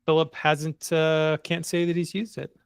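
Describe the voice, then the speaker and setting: A man's voice: on the high side, level tone, a little slow, smooth, dry recording. Dry-sounding male co-host reading comments aloud. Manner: reads chat comments aloud, adds dry jokes. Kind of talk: casual live-stream chat.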